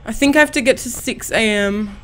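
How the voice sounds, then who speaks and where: A woman's voice: a little high, a little fast, fairly bright tone. A young woman hosting a horror game let's-play, panicky and gasping, swearing under her breath. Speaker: gaming channel host.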